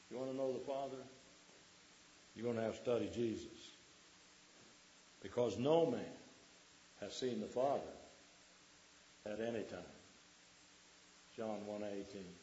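A man's voice: medium pitch, measured pace, long pauses, a little mellow, highs cut off. A man preaching a sermon to a congregation, quoting scripture and putting questions to the listeners.

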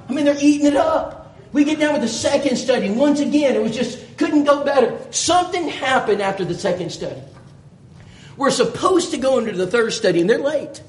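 High-voiced preacher in an echoey room. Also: male voice, a little fast. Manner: folksy, animated storyteller voicing quoted dialogue. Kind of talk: storytelling sermon. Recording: echoey room with faint background noise.

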